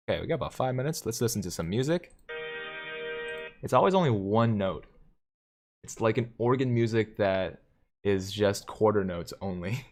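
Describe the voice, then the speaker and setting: A man hosting a live stream, casually reading viewer comments aloud and joking, with frequent chuckles. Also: lowish voice. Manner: jokey, chuckles often between comments. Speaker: livestream host.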